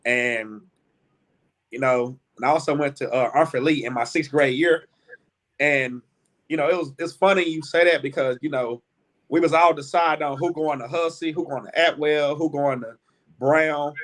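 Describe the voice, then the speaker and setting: A man from Houston hosting a casual high school sports talk show, chatty and leading the segments. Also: moderate pace, a bit bright. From Houston, Texas.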